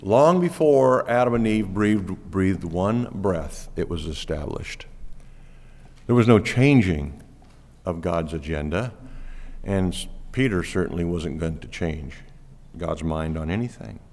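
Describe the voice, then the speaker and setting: A man preaching a sermon as pastor, lively and animated, laughing now and then. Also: low voice, takes it slowly. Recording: long reverb of a church hall.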